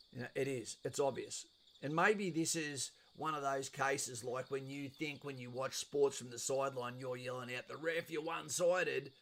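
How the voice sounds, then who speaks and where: A man's voice: mid-range voice, fairly bright tone. A middle-aged man with an Australian accent hosts a casual live stream, reading out viewers' chat messages and answering them in a blunt, chatty way with casual swearing.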